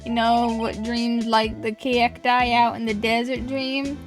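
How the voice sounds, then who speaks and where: Brief: woman playing a swaggering cowboy detective in a game, slow folksy drawl, raised voice, game music behind. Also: a little high, little pitch movement, close to an everyday voice.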